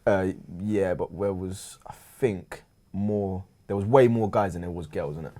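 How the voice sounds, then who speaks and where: Laid-back male podcast co-host, fairly low and mellow voice, slangy and casual. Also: measured pace. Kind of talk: casual storytelling chat.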